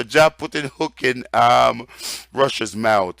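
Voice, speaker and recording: A man giving an informal religious lecture, rambling through lists with many fillers and turning loud and excited at times. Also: medium pitch, measured pace, gravelly, dry recording, studio quality. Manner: grows loud and excited, laughs. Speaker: religious teacher.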